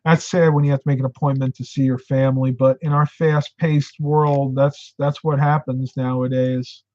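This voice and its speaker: A man's voice: medium pitch, little pitch movement, normal speed, darkish tone, no room sound, dull audio. A middle-aged man from upstate New York, host of a casual live stream, talking with viewers and telling stories. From upstate New York, United States. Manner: chatty, tells stories and answers viewer comments.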